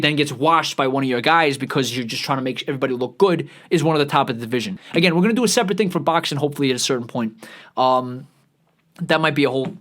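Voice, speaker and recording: A man's voice: medium pitch, fairly bright tone. A man hosting a vlog, ranting in a profane, rambling, sarcastic way while scrolling social media. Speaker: vlog host.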